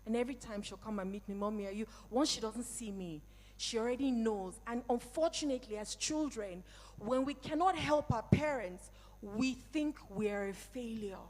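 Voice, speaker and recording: A woman in her forties or older gives an emphatic, personal motivational talk in an event hall, addressing the live audience directly. Her voice is a little high and a little mellow, at a moderate pace, with a big-room sound.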